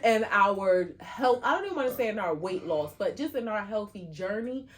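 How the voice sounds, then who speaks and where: A woman co-hosting a podcast in casual chat, talking in a chatty, animated way with lots of fillers. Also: medium pitch, moderate pace, slight background noise. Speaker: podcast co-host.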